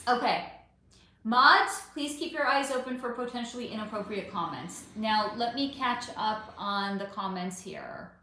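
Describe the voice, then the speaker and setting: A woman's voice: fairly high pitch, unhurried, slight background noise. A woman hosting a spiritual livestream, chatting animatedly with viewers and answering their comments. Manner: animated, chatty, swears and exclaims, reads viewer names. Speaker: spiritual reader and livestream host. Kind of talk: casual livestream chat reading comments. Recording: echoey room.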